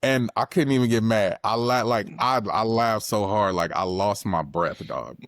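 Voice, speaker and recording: Low-voiced laid-back man chatting. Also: normal speed, dry recording, clean studio sound. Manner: laid-back, laughs often. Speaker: podcast guest; coach. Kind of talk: casual chat.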